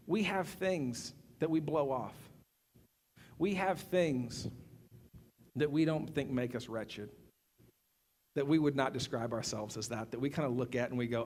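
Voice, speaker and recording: A middle-aged man preaching a sermon as pastor. He talks conversationally, with fillers and repeated words, and swings between loud, fervent bursts and quiet, intimate stretches. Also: mid-range voice, slightly rough.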